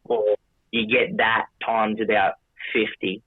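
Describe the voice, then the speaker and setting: A man's voice: on the low side, flat delivery, slow pace, slightly rough, no room sound. A man telling a long story casually, with many restarts, swearing, and quoting himself in dialogue. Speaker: podcast guest. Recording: dry tinny phone-like audio.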